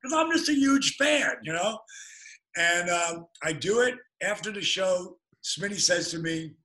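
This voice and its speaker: High, bright-voiced storytelling man. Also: poor audio. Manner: animated, fast-moving storyteller with restarts. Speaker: guest. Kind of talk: interview storytelling.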